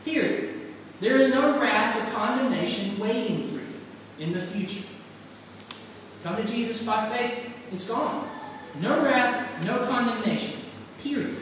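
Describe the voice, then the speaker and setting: A man's voice: very high voice, lively intonation, measured pace, long pauses, a bit bright, slight background noise. A man preaching a sermon and reading a story aloud, speaking earnestly in short, emphatic phrases. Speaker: pastor. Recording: echoey hall from far off.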